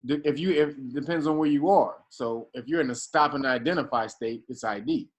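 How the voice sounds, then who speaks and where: A man is leading a relaxed class, speaking in plain street slang. He pushes his points with emphasis and keeps circling back to restart his sentences. His voice sits at an ordinary, mid-range pitch. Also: fairly quick. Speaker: class instructor. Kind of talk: casual lecture to a class.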